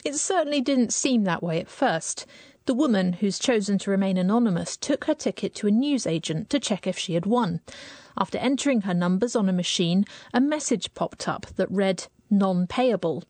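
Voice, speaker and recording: A woman reporter narrating a scripted news story with clear storytelling delivery. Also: mid-range voice, animated, normal speed, a little mellow, dry recording.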